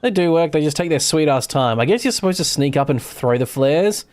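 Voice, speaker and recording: A man's voice: a little high, expressive, a little fast, a little mellow. Australian man streaming a game. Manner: rambling, self-correcting, swears casually. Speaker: gaming streamer. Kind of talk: casual live gameplay commentary.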